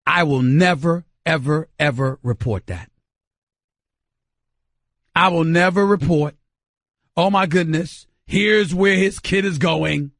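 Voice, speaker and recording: A man's voice: high-pitched, dry recording, studio quality. A middle-aged man from New York hosting a sports radio show, giving an emphatic monologue that repeats phrases and addresses the listeners directly. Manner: loud, shouting, emphatic and theatrical.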